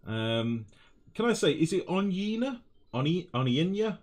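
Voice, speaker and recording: A man's voice: sits high, very animated, unhurried. A young northern English man live-streaming a game, thinking aloud and chatting casually with viewers, calling them mate. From northwest England. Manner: thinks aloud, chats with chat, calls people mate.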